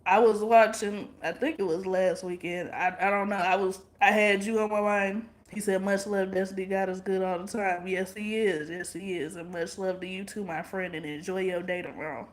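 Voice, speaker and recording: A blunt, profane woman chats loosely, laughing often. Her voice sits at a middling pitch. The room around her rings with echo. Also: fairly even intonation, moderate pace, hardly any pauses. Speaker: livestream vlogger. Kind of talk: casual livestream chat with viewers.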